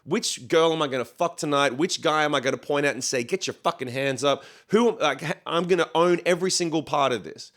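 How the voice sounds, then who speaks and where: A man, a singer-songwriter, chatting casually on a podcast, telling animated stories, acting out what others said and swearing freely. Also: fairly high pitch, brisk, few pauses. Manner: animated storyteller who acts out quotes, swears freely.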